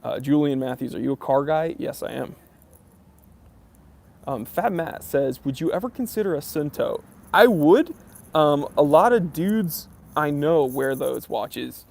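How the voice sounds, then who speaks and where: A man's voice: on the high side, expressive, measured pace, vocal fry, a little mellow. A man hosting a casual live stream about watches, reading viewers' chat comments aloud and answering them in an easygoing, rambling way full of ums and uhs. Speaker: watch channel host.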